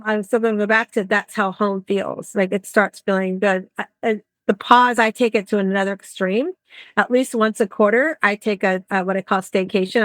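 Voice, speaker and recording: A woman's voice: mid-range voice, fairly bright tone, no echo. A woman hosting a podcast interview, chatting casually and acting out little exchanges with her clients. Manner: chatty, acts out bits of client talk. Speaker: podcast host and coach.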